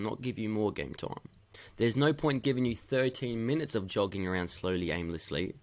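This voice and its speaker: Gravelly-voiced male youth coach, stern and lecturing, drills his points by repeating them. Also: medium pitch. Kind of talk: video match feedback to players.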